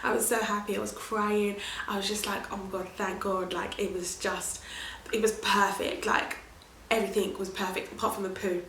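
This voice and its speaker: Chatty mum in a roomy space. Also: female voice, medium pitch, normal speed, slight background noise. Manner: chatty and animated, laughing often. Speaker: vlogger sharing her birth story. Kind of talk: casual storytelling to camera. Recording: roomy echo.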